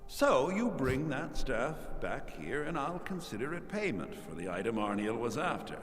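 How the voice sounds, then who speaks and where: A sly male elf dealer from a fantasy game, voiced by a man, wry and knowing. His mid pitch rises and falls a lot. A long reverb and faint music sit under his voice. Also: very animated, moderate pace, natural voice.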